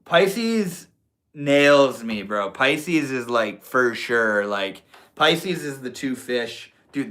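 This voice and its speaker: A man's voice: on the low side, sharp tone. A young man live streaming from his room, chatting casually and slangily with his viewers and reading their messages aloud. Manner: laid-back, slangy, reads chat aloud. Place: indoors at a computer.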